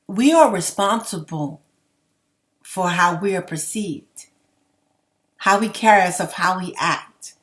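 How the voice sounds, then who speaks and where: A woman's voice: fairly low pitch, animated, slow, pauses often, a bit bright. A young adult woman giving a heated, rambling opinion rant to her viewers, blunt and swearing freely. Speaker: commentary vlogger.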